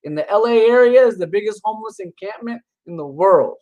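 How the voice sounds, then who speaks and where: A man's voice: sits high, lively intonation, fairly quick, dull audio. A man delivers a casual reaction commentary, combative and dismissive. He rambles and restarts his sentences, with scoffing laughs slipping in between his points. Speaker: religious commentator reacting to videos.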